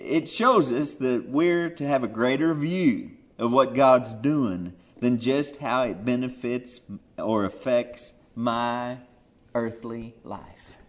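A man's voice: mid-range voice, lively intonation, slow pace. Folksy preacher man. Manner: folksy, with swings from quiet asides to loud emphatic peaks. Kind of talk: sermon.

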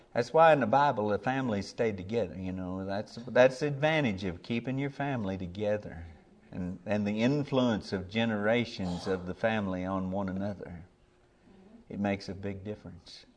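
A man's voice: fairly low pitch, normal speed. An older man, a preacher giving a sermon in a folksy, plainspoken way, earnest and building to emphatic peaks.

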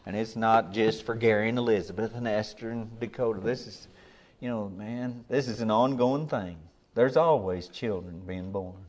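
A man's voice: fairly low pitch, normal speed, a little mellow. An older man, a preacher giving a sermon in a folksy, plainspoken way, earnest and building to emphatic peaks.

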